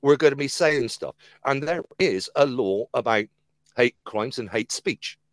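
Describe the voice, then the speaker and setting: Animated male podcast host, lively pitch. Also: a little slow, no echo. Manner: animated storyteller who acts out quoted voices. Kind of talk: casual podcast chat.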